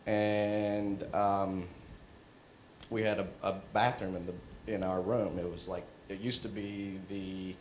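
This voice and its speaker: A man, a filmmaker at a premiere Q&A, telling a story in a halting, rambling way with frequent chuckles. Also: deep voice, flat delivery, a little mellow, reverberant, slight background noise, poor audio. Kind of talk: casual storytelling on a panel. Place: venue at a film premiere.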